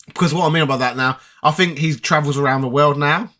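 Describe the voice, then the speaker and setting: Bright-voiced chatty man. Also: on the high side, a little fast. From United Kingdom. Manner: chatty, rambling, with many fillers. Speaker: gaming channel host. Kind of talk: casual live chat answering viewer comments.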